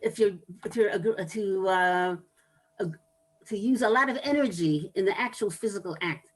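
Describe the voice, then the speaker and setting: A woman giving a talk on anger management to an audience, explaining in a measured way with pauses and restarts. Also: mid-range voice, rough recording.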